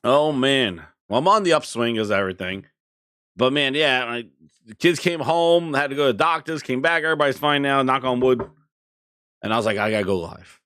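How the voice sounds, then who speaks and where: A man hosting a gaming live stream in casual chat from his home streaming room. He is excitable and rambling, and calls out viewers' names from the chat. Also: medium pitch, brisk, clear, resonant tone, no room sound, clean studio sound.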